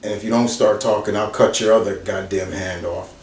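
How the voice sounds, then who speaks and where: A man's voice: on the low side, fairly even intonation, brisk, a little mellow, a little hiss or hum, close to an everyday voice. A man voicing a tough, blunt male vampire hunter who talks in curt, profane demands. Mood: gruff, threatening. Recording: roomy, from a distance.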